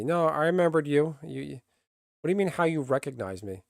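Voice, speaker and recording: A man's voice: a little high, animated, fairly quick, gravelly, dry recording, clean studio sound. Blunt, grumbling male streamer. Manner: blunt, swears freely, grumbling. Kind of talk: casual live-stream chat.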